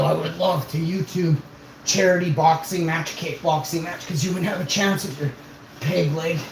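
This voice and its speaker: A man's voice: a little high, creaky. A man around forty, ranting scornfully to his viewers in a casual streamed monologue. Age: 40s. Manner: exasperated, scornful, calling someone out. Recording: roomy echo, faint background hum.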